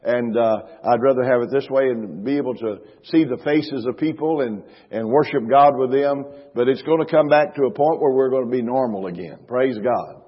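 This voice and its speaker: A middle-aged man preaching a sermon as pastor, emphatic, slowing down to stress scripture and repeating phrases. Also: medium pitch, slightly rough. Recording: reverberant hall, dull lo-fi sound.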